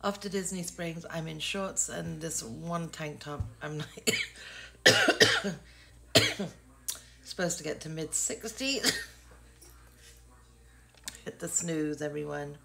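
A low-pitched, creaky voice belongs to a sixty-something English vlogger who chats unhurriedly and pauses often. She rambles casually to the camera, making light of herself.

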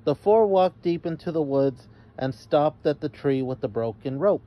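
A man reading a children's story aloud as narrator, in a measured way. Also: on the high side, animated, highs cut off.

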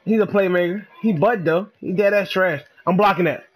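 A man giving excitable, trash-talking commentary while he plays a game, dropping to low mutters and then bursting into shouts. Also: moderate pace, hardly any pauses, background noise. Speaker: gamer. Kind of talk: live gameplay commentary.

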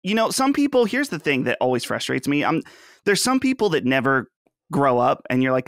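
A man's voice: fairly high pitch, big pitch swings, moderate pace, fairly bright tone, no room sound, clean studio sound. A man in his thirties from Western Pennsylvania, hosting a casual podcast chat in a chatty, joking way. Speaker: podcast host.

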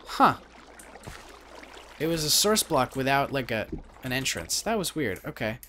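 A man giving rambling, excitable commentary as he plays a video game. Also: mid-range voice, unhurried, slight background noise. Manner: rambling, self-interrupting, excitable. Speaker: let's play host. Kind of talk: casual gameplay commentary. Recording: game music playing behind.

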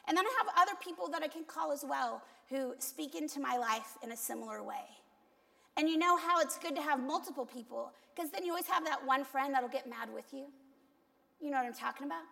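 A woman's voice: high voice, brisk, gravelly, a bit bright. A woman pastor giving a conversational sermon, telling candid, self-deprecating stories. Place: church sanctuary. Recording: long echo of a large church hall.

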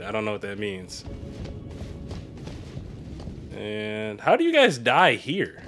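A man live streaming a video game, chatting casually and reacting loudly with sudden high exclamations. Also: huge pitch swings, moderate pace, hardly any pauses. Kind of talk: casual gaming commentary. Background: game music.

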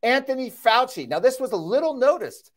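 A man's voice: very high voice, sing-song, a little fast. A man giving a heated, sarcastic keynote speech at a conference, reading out quotes and getting worked up. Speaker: keynote speaker. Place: conference hall.

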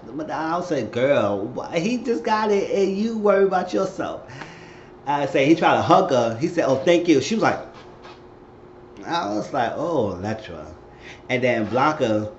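A man casually recapping a TV episode, acting out the characters' lines with sudden high squeals. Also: a little hiss or hum. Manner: animated retelling, acting out quotes with high squeals. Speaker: recap host. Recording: echoey room, dull lo-fi sound.

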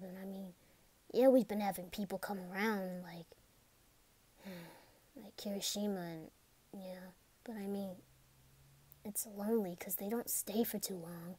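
A woman performs a whispered role-play, talking to the listener in a soft, hesitant way. She often slips into a full whisper. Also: mid-range voice, husky.

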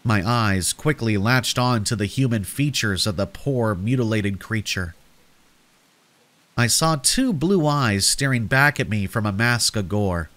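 A man's voice: on the low side, lively intonation, unhurried, fairly bright tone. A man narrating a scary story in a scripted, dramatic storytelling manner.

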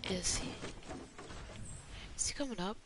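A woman giving live commentary on an online shooter game, chatting to viewers and reacting excitedly to the action. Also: measured pace, noisy background. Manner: excitable, talks to viewers while playing, mild exclamations. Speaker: gaming commentator.

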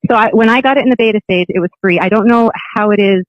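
Rambling storyteller: man, quick delivery, dry and close. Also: high voice, no echo, highs cut off. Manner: rambling, with many restarts. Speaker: guest recounting a personal experience. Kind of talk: casual storytelling.

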